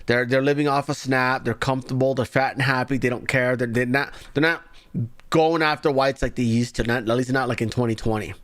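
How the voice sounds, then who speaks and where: A man's voice: mid-range voice, fairly even intonation, brisk, a bit bright, no echo. A man hosting a live show, giving sarcastic, mocking political commentary.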